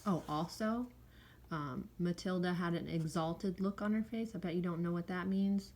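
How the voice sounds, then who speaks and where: A woman's voice: fairly low pitch, moderate pace, a little mellow. A woman teaching by reading a chapter book aloud to children, stopping in a chatty way to explain words and punctuation. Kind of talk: read-aloud lesson to children.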